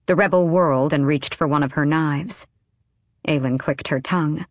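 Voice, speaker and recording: A woman narrating a fantasy audiobook in a steady, measured way. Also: sits low, no echo, studio quality. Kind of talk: scripted narration.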